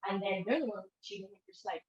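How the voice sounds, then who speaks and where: In a dull, lo-fi recording from an echoey room, a woman therapist speaks fast in a mid-range voice. Her informal conference talk is conversational, and she acts out quoted dialogue with shifting voices.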